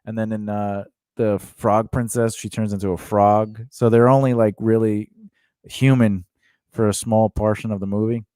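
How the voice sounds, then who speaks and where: Lowish-voiced man telling stories in casual chat. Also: moderate pace, no echo, clean studio sound. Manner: rambling, animated storytelling with many restarts. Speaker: podcast co-host.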